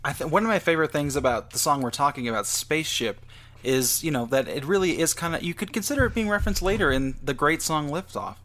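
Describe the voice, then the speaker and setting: A man co-hosting a podcast in casual joking chat, deadpan with wry asides. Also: on the high side, quick pace. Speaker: podcast co-host.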